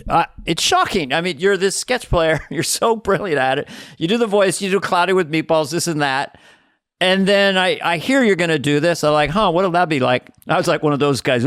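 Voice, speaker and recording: A man's voice: fairly high pitch, fairly bright tone, clean tone, no room sound, clean studio sound. A man co-hosting a casual comedy chat, talking with enthusiastic, rambling praise. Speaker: co-host.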